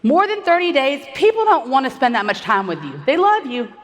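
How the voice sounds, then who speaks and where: A woman giving a fast, upbeat stage presentation, a little out of breath, rallying the audience with questions. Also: high-pitched, sing-song. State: slightly out of breath. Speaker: conference speaker. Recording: long hall reverb.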